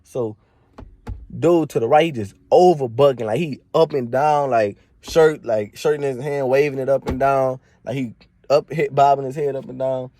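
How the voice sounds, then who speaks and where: A man's voice: medium pitch, steady tone, normal speed, mellow, no echo. A man telling a rambling, slangy story from a party in a casual storytime monologue. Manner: slangy, rambling, fillers and restarts.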